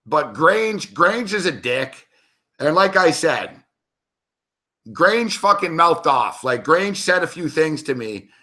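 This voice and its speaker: A man's voice: a little high, very animated, slow, pushed and bright. A man on a sports betting show telling a heated story in casual, profanity-heavy talk.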